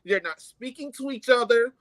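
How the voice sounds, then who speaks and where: An earnest man co-hosts a talk discussion, calling his partner brother as he makes his points. His voice is high and bright with a tense edge, recorded close and dry with no room sound. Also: moderate pace, dry recording. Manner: earnest, addresses the host as brother. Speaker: co-host. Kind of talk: casual talk show discussion.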